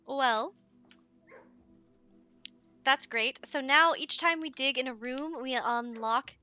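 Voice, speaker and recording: A woman giving let's play commentary, excitable and giggly, chatting to her viewers and cooing at in-game pets. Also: sits high, slow pace, clean tone, faint music behind.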